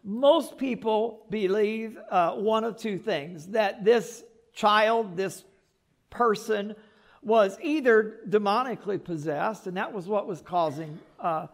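High-voiced man preaching a sermon. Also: takes it slowly. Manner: animated, repeats words, joking asides. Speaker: pastor.

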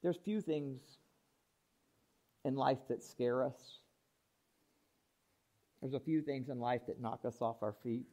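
Taking it slowly and leaving long pauses, a pastor with a mid-range voice gives a sermon full of drama and humor. He acts out Bible characters, moving from hushed asides to loud, excited outbursts.

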